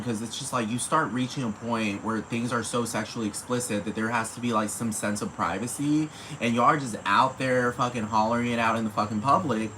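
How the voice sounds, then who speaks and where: A man's voice: lowish voice, bright, forceful tone, slight background noise, poor audio. Profane rambling podcast man. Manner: rambling, profane, repeats "you know what I'm talking about". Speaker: podcast host. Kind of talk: solo casual commentary.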